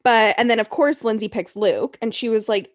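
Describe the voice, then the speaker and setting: A woman's voice: on the high side, moderate pace, dry recording, clean studio sound. A young woman co-hosting a podcast, recapping a reality show in blunt, profane casual chat. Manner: blunt, profane, animated retelling. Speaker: podcast co-host.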